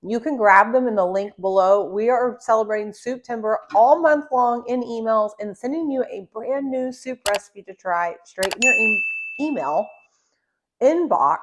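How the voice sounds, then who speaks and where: A woman's voice: fairly high pitch, moderate pace. A young adult woman hosting a casual cooking demonstration in a home kitchen, chatty and upbeat with joking asides. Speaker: cooking show host.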